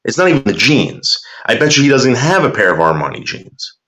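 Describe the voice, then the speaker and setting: A man's voice: medium pitch, big pitch swings, fairly quick, sharp tone. A man casually chatting and telling a rambling, profane story while reacting to viewer comments.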